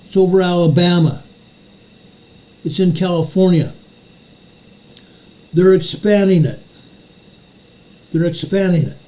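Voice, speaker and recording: Older male host, slow and angry ranter, slightly high voice, repeats lines for emphasis. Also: warm tone, rough recording. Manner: furious, repeats phrases for emphasis. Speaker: show host. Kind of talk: ranting commentary monologue.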